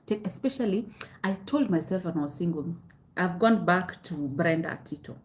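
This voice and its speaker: A woman's voice: fairly low pitch, animated, normal speed, a little mellow. A young Kenyan woman hosting a live self-help stream, answering viewers' comments candidly and repeating her advice, with Swahili phrases mixed in.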